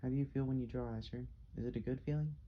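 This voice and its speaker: A man narrating an audiobook, voicing a gentle, worried mother who speaks softly. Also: medium pitch, fairly even intonation, fast, muffled recording, slight background noise, lightly acted. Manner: soft, pleading.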